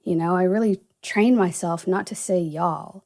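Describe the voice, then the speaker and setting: A woman's voice: fairly low pitch, moderate pace, darkish tone. A young woman from the American South, without a Southern accent, hosting a casual solo podcast and rambling with lots of "you know" and "uh". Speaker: podcast host.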